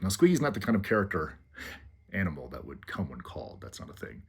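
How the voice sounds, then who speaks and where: A man casually telling a rambling personal anecdote in his small home, halting with fillers. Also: deep voice, animated, slightly rough. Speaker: vlogger. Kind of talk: casual storytelling. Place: small low-ceilinged home.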